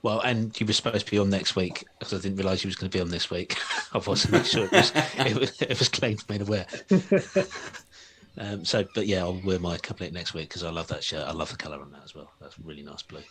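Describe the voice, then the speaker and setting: A man's voice: low-pitched, fairly quick, a bit bright, slight background noise. A man hosting a casual chat and relaying viewer questions in an easygoing way. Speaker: host.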